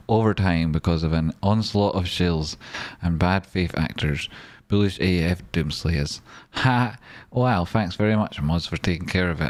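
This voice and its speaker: A man's voice: sits low, a little mellow, dry recording. A man chatting casually and bluntly on a live stock trading stream, rambling and swearing freely.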